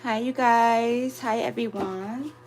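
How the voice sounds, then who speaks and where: A woman's voice: on the high side, fairly even intonation, slow pace, a little mellow. Female live-stream host, casual and affectionate, phone-camera sound with faint music underneath. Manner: affectionate, chatty, calls viewers "my babies" and "y'all". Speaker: spiritual reader hosting a live stream.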